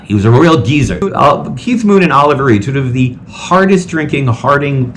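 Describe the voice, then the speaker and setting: A man talks through a film recap in a loose, rambling way that is full of "like". His voice sits low. Faint hiss runs under it. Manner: chatty and rambling, heavy use of "like". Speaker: host. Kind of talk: casual film recap commentary.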